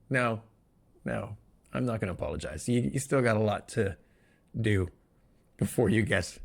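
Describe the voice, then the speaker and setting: A man with a low, gravelly voice hosts a solo podcast of good news. His talk is loose and rambling, full of jokes and sudden asides that cut off his own sentences. He sounds like someone thinking out loud as he goes. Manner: rambling, joking, self-interrupting asides. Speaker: podcast host.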